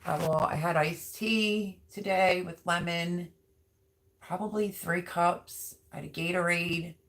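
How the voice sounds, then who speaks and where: Middle-aged woman, deep speaking voice, easygoing rambling host of a home live chat. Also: fairly even intonation, takes it slowly, gravelly, fairly bright tone. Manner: chatty, rambling, many ums. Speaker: livestream host. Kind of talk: casual live chat reading comments.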